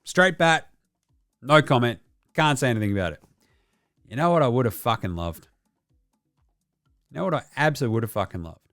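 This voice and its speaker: A man's voice: mid-range voice, animated, fairly quick, pauses often, fairly bright tone, no room sound, clean studio sound, faint music behind. A man with an Australian accent hosting a casual basketball show, ranting with a lot of swearing. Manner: profane, ranting. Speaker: host.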